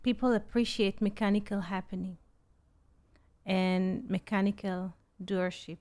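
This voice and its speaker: Slow, unhurried woman teaching spirituality. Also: mid-range voice, a little mellow. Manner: unhurried, often checks in with "yes?". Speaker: spiritual teacher hosting an online group call. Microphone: video call.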